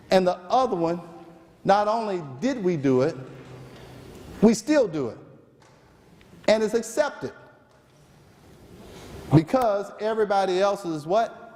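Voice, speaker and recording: A man's voice: sits high, darkish tone, in a large hall, a little hiss or hum. A man from the American South, a physician, giving a medical seminar lecture with jokes, asking the audience questions and answering them himself. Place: seminar room.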